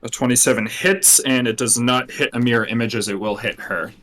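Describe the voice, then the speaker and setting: A man narrating as dungeon master for a tabletop game, telling the action and laughing with the players. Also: mid-range voice. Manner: animated storytelling, quick laughing asides.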